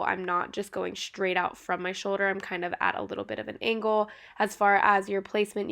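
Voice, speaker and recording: A woman's voice: mid-range voice, a bit bright. A young woman fitness coach talking viewers through a home dumbbell workout in a friendly, instructive way. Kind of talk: workout tutorial with voice-over. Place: home basement gym.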